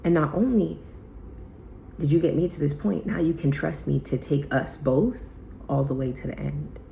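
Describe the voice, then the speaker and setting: A woman vlogger giving a heartfelt self-help talk in a soft, intimate, casual way, often slipping into whispers. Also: deep voice, fairly even intonation, normal speed, vocal fry, slight background noise, rough recording.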